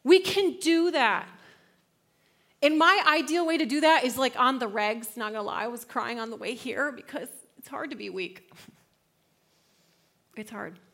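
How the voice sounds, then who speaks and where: A woman in her thirties giving a casual, slangy church talk, laughing often and swinging from hushed to loud. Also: on the high side, a little slow, pauses often. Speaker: speaker at a church gathering.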